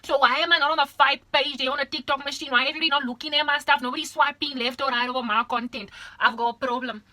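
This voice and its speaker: A young South African woman with a bright, sharp voice rants straight into the camera in her South African accent. She talks fast and pitched high, exaggerated and repetitive, dropping into Afrikaans now and then. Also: fairly even intonation, dry recording. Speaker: vlogger. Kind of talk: ranting monologue to camera.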